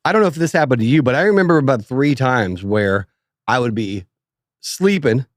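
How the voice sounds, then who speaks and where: A man's voice: mid-range voice, expressive, brisk, no echo, studio quality. Laid-back man from Kentucky. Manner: laid-back storytelling with many fillers. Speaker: podcast co-host. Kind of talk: casual chat.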